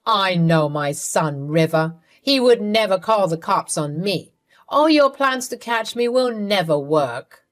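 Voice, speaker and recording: A woman's voice: expressive, measured pace, close to an everyday voice. A woman reading a story aloud, voicing a thieving, scheming older mother-in-law in a scornful tone. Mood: smug. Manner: scornful, then pleading and shrill.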